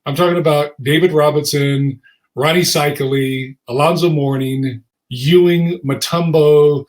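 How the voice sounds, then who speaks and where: A man's voice: on the high side, steady tone, unhurried. A man co-hosting an interview who has played pro basketball and asks long, rambling questions. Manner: conversational, rambling questions with restarts. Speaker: podcast co-host, former pro basketball player. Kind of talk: interview chat.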